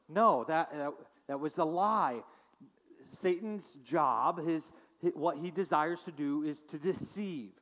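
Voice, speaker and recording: A man's voice: a little high, a bit bright. Man preaching in a reverberant hall. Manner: reads scripture slowly, then preaches conversationally with fillers and repetitions. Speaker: pastor. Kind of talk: sermon.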